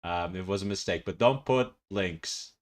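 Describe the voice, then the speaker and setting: A man's voice: sits low, moderate pace. A male VTuber streamer chatting casually, rambling and laughing often.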